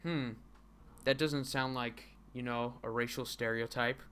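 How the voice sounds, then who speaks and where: A sarcastic young man hosting a livestream, riffing on a comic he reads aloud. His voice is bright and forceful, and he often laughs and stumbles over restarts. The commentary is casual and mocking. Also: mid-range voice, fairly even intonation, a little slow, clean tone. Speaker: livestream host reading a comic.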